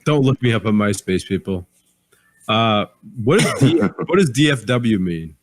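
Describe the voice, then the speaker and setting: A man on a podcast tells stories with energy and often stumbles over repeated words. His voice is lowish. The sound is dry and close. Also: unhurried, no room sound. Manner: animated storyteller, repeats words. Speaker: podcast co-host, business owner. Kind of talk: casual chat.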